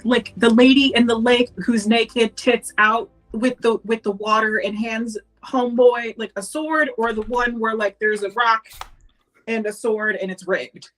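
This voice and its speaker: A player trades crude, blunt jokes during a tabletop game, at a mid pitch. Faint music sits behind the voice. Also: fairly even intonation, fairly bright tone, low-quality recording. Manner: crude, blunt, fast joking. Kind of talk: casual game-table banter.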